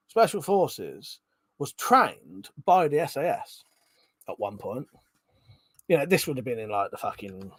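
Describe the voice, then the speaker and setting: A man's voice: on the high side, no room sound. A man chatting casually on a live stream, reading out chat messages and swearing freely.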